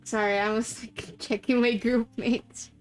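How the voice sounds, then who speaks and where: Setting up a game on her live stream, this young VTuber from the Philippines talks casually and laughs frequently. She speaks unhurriedly in a slightly high, level voice, with faint music playing behind her.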